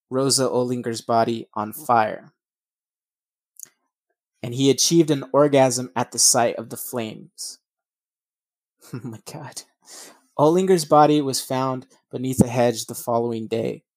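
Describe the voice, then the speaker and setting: A man's voice: medium pitch, darkish tone, no room sound. A man reading a true crime case aloud, breaking off for blunt, profane asides and stumbling over names.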